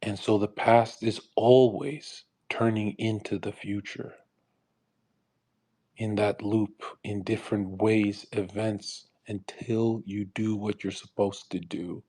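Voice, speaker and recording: A man's voice: on the low side, flat delivery, slow, warm tone, slightly rough. A young man in his twenties hosting a live audio room, talking in a crude, combative and boastful way. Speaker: livestream host.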